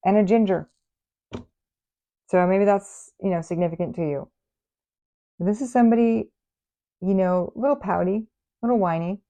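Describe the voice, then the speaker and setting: A woman's voice: mid-range voice, creaky, mellow. A woman doing a casual tarot reading for her viewers, chatty and playful, teasing them with mock scolding. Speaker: tarot reader.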